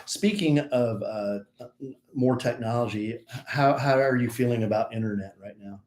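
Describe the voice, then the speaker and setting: A man's voice: mid-range voice, moderate pace, darkish tone. A man co-hosting a podcast in casual chat, playful as he reads listener letters aloud. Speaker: podcast co-host.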